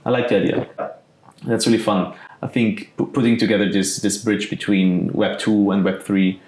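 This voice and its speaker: A man hosting an interview, upbeat and loose, quick to affirm his guest before asking the next question. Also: fairly low pitch, steady tone, darkish tone. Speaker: podcast host. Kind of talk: casual interview. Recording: echoey room with faint noise.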